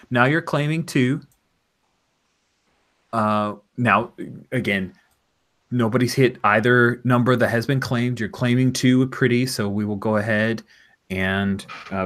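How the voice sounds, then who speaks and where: A man's voice: lowish voice, fairly bright tone. A man running a tabletop game as game master, genial and stumbling over fillers as he handles the dice.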